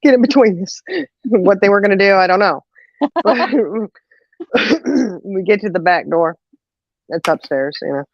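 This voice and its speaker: Laughing, animated woman telling a story. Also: medium pitch, takes it slowly, long pauses, no room sound, highs cut off. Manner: animated, laughs often, acts out quoted voices. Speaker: podcast co-host telling a story. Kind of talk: casual storytelling chat.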